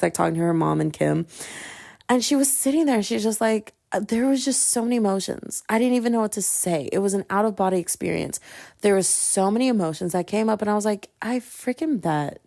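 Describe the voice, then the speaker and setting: A young woman hosting a solo podcast, ranting casually and acting out what other people said, with slangy, animated storytelling. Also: mid-range voice, fast, creaky. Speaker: podcast host.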